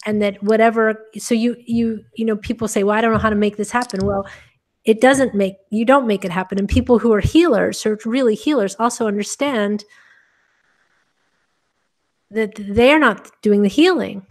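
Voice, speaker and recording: A woman's voice: on the high side, normal speed. A woman on a group video call, explaining earnestly and often restarting her sentences. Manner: earnest, explaining, repeats herself. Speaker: webinar participant. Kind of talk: casual group video chat.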